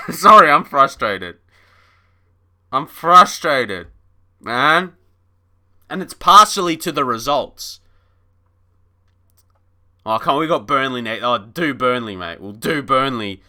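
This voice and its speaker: This man speaks unhurriedly at a medium pitch, leaving long pauses, his tone sharp. He's casually commentating a football management game on a live stream, chatty and feigning frustration while laughing and addressing his chat.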